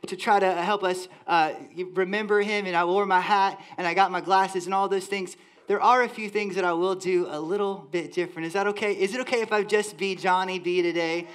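A man from the Southern United States preaching a lively, joking sermon as a church worship leader. He talks directly to the congregation. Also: high-pitched, brisk, hardly any pauses, clean tone. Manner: enthusiastic, playful, talks to the congregation. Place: church sanctuary.

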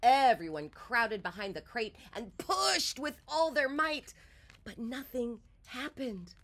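Expressive woman reading a picture book. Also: on the high side, takes it slowly. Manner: expressive read-aloud. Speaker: storyteller.

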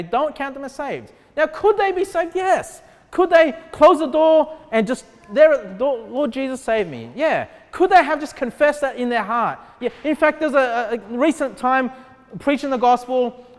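A man preaching a sermon in a church, talking conversationally and asking the congregation many questions. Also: very high-pitched. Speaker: pastor. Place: church sanctuary. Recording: long church hall reverb.

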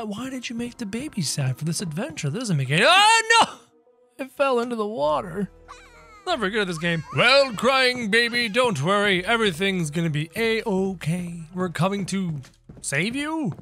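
A man with a high, very lively voice gives playful let's-play commentary, chatting to his viewers as he plays. His pitch swoops up and down, with faint music behind him. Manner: excitable, playful, talks to viewers. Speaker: gameplay video creator.

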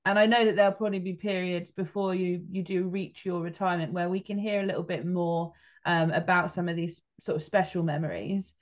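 A woman's voice: on the low side, fairly even intonation, a little fast, hardly any pauses. Woman interviewer on a dull, muffled line. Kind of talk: interview questions.

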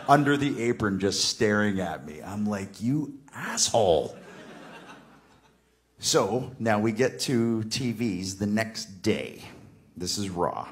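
A man with a fairly low voice recounts an anecdote in a relaxed, conversational way. He laughs often and slips into quoted voices as he tells it. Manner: animated, laughing storyteller acting out quotes. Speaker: guest telling a story. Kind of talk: casual anecdote.

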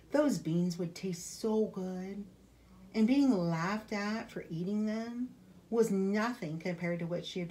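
A woman librarian reading a children's picture book aloud with expressive storytelling. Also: mid-range voice.

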